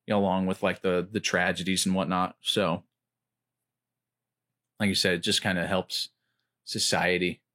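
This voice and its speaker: A man chatting casually about comedy, rambling with lots of filler words and getting animated when he retells jokes. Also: low-pitched, moderate pace, pauses often. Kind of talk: casual chat.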